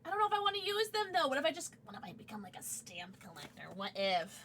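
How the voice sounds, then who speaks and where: A woman's voice: sits high, big pitch swings, fairly bright tone, a little hiss or hum. A young woman livestreaming from home, chatting casually and gushing over gifts and viewers. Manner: bubbly, gushing, quick swings to squeals and mumbles. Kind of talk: casual chat.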